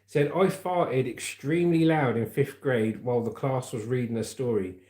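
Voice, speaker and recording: A chatty man hosts a casual livestream, joking his way through viewer comments and news. His voice is mellow and dark, and it sits at a middling pitch. The sound bounces around an echoey room. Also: moderate pace. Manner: chatty and cheeky, laughing at his own jokes. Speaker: livestream host.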